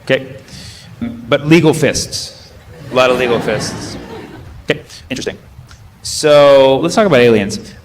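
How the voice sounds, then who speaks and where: A man in his thirties, a stand-up comedian doing loose crowd work, riffing and firing quick questions at the audience from the stage. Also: mid-range voice, noisy background. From United States.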